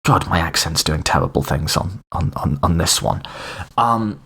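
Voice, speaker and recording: Male podcast host, low husky voice, lively pitch, casual lecture with asides. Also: normal speed. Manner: animated and informal, frequent restarts and asides. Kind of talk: casual lecture on political philosophy.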